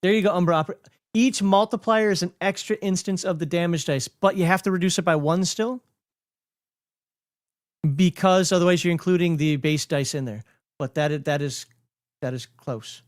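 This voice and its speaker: A man's voice: sits high, normal speed, no echo, studio quality. Rambling Minnesotan man explaining rules. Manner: rambling, self-correcting, laughs often. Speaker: host explaining game rules. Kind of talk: casual livestream rules breakdown.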